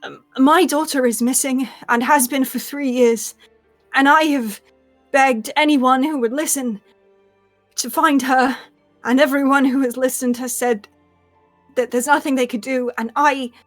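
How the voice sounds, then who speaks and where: A worn-out old woman begs for help in a tabletop game, her pleas trembling and halting, full of stammered restarts, as a woman puts her on. The voice sits a little high, with light music behind it. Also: natural voice. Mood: pleading. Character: exhausted desperate old woman petitioner.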